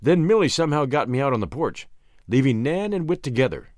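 A man's voice: a little fast, no echo, clean studio sound. A man narrating a first-person novel as an audiobook, telling the story expressively. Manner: expressive storytelling with wide pitch swings.

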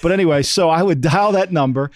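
A man's voice: a little high, fast, no echo, studio quality. A middle-aged man co-hosting a football podcast, talking in an emphatic, repetitive way and often checking in with "okay?". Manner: emphatic, repeats points, says "okay?" often. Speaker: podcast co-host, former NFL front office. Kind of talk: casual sports talk.

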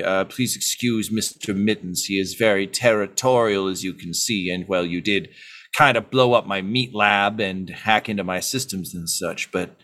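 A man voicing an eccentric, scheming mad scientist with a fast, chirpy, wheedling patter in a tabletop game. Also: deep voice, a bit bright.

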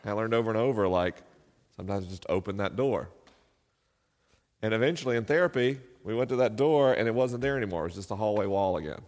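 At a quick pace and with a darkish, fairly low voice, a middle-aged podcast host shares a personal story live. He often laughs and makes fun of himself, and the venue's hall adds long reverb.

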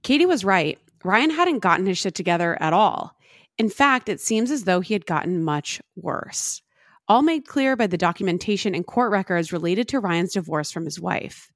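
A woman's voice: medium pitch, expressive, normal speed, no room sound, clean studio sound. Woman narrating, casual and blunt. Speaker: podcast host. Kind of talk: scripted narration.

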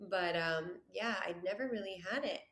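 A woman's voice: on the low side, moderate pace, fairly bright tone, echoey room. A woman guest, a business owner, speaking candidly and earnestly in a casual interview. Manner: candid and earnest, many fillers.

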